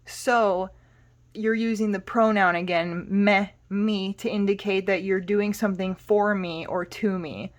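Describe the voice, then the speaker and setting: A woman gives a language lesson in a patient, explaining manner. Her voice sits in a middle pitch. She often stops to spell words out letter by letter. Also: steady tone, measured pace, dull audio. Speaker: Spanish teacher.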